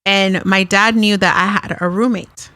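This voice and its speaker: A woman guest on a podcast telling stories in casual chat, laughing often, swearing, and talking in quick bursts. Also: mid-range voice, steady tone, sharp tone, dry recording.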